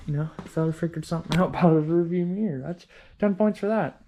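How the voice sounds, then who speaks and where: A man's voice: on the high side, fast talker, warm tone, slight background noise. A young man talking casually in his home workshop, rambling and swearing freely as he explains his repair work. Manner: rambling, profane, self-deprecating. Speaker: hobby vehicle restorer.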